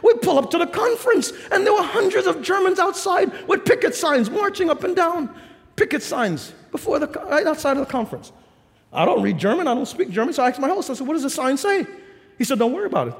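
High, gravelly New York preacher in a hall. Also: male voice, fast talker. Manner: animated, laughing storyteller, shouting punchlines. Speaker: pastor. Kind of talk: sermon. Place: large auditorium.

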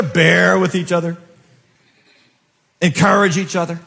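A male pastor preaching a sermon to his congregation, rising to loud emphatic peaks and dropping to soft, low asides, often asking the room questions. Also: moderate pace, gravelly, pauses often. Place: church sanctuary. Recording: long hall reverb.

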